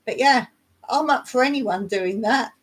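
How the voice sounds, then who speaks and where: A woman's voice: on the high side, measured pace, slightly rough. A middle-aged woman from England with a Surrey accent, hosting a live chat, reading out viewer comments and answering them in a rambling, chatty way with frequent laughs and fillers. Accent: Surrey English. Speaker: YouTube channel host.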